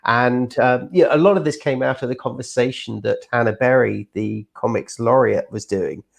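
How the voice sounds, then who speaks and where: Brief: middle-aged man, mid-pitched, rambling publisher with lots of fillers. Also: moderate pace, gravelly. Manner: rambling, repeats words, many fillers. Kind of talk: casual video-call chat.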